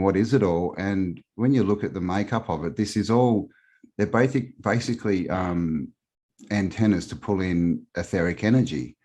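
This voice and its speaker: A man's voice: sits low, a little mellow. A man with an Australian accent, a guest on a live stream, talking in a rambling, casual way with many fillers.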